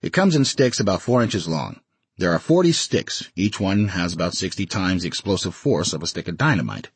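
A husky-voiced man voicing a crude, bossy middle-aged explosives seller who teases a lot, in a dry recording. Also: low voice, big pitch swings, fairly quick, no room sound, full character voice. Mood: matter-of-fact.

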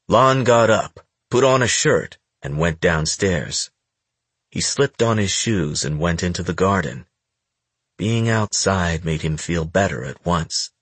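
A man reading a novel aloud as an audiobook narrator in a measured, even manner. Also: sits low, breathy edge, no echo. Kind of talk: scripted narration.

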